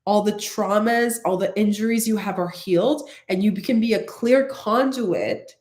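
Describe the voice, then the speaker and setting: A woman's voice: medium pitch, unhurried, darkish tone. Earnest woman giving spiritual advice, echoey. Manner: earnest, repetitive, addresses viewers directly. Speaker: spiritual coach. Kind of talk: casual spiritual talk to viewers.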